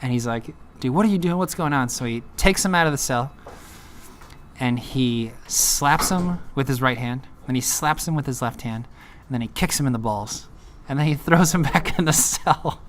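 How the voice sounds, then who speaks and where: A man's voice: medium pitch, normal speed, fairly bright tone, a little hiss or hum. A man casually telling his own story on a vlog, rambling and laid-back, full of filler words.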